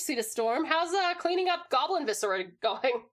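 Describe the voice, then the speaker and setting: A woman's voice: sits high, expressive, moderate pace, a bit bright. An American woman in casual chat on a livestream from home, rambling and laughing often as she answers chat. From United States.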